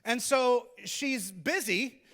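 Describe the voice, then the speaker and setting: A man's voice: very high voice, slow pace, fairly bright tone. A male pastor giving a sermon in a conversational, joking storytelling manner.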